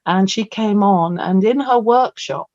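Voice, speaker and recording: Speaking at a measured pace with medium pitch and no echo, this woman is the featured poet in a casual Q&A on performing poetry. She's chatty and rambling, an animated storyteller, heard through dull lo-fi video call audio.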